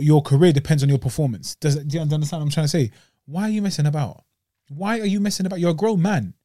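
A man, voice pitched on the higher side, rants in animated bursts on a podcast and talks as if straight to the person he is criticising. He sounds a little congested and short of breath. The sound is close and dry. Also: no echo. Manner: animated, ranting, addresses the fighter directly. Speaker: podcast co-host. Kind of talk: casual chat.

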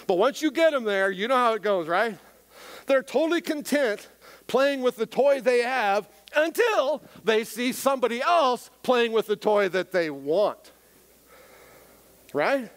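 A man preaching a sermon in an animated way, often questioning the congregation. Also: very high-pitched. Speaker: pastor.

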